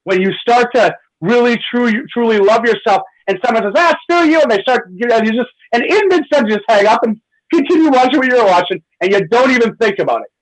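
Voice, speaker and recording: Animated husky-voiced male radio host. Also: very high voice, fast, poor audio. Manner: animated, acts out quoted voices. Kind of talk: impassioned talk radio monologue.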